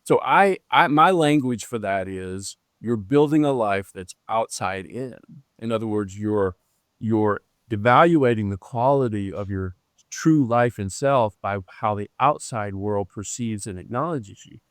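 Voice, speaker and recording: A man in his seventies, a leadership coach interviewed as a guest, talking earnestly and slowing down to stress key phrases. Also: on the low side, no room sound, studio quality. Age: 70s. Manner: earnest and animated, slows down to stress key phrases, acts out quoted voices. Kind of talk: conversational interview.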